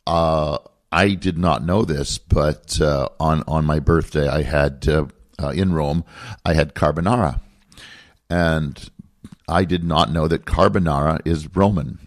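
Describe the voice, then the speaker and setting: A middle-aged man, a podcast co-host, chatting casually and telling relaxed stories. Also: extremely low pitch, measured pace. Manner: relaxed, storytelling. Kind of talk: casual chat.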